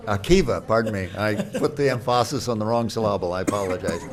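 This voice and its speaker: A man, the mayor, chairing a city council meeting in a relaxed, apologetic way as he calls up speakers. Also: lowish voice, fast talker.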